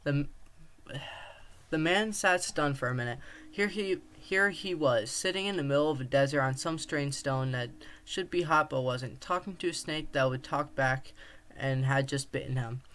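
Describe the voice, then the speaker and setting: Slightly high male story reader. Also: normal speed, a bit bright. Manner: plain reading with small slips and restarts. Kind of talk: casual read-aloud narration.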